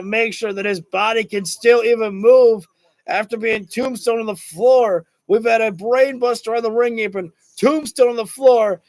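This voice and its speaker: Hoarse high-voiced man calling wrestling live. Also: no room sound. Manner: rapid reactive calls, swearing when excited. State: slightly hoarse. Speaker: livestream host. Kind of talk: excited live play-by-play commentary.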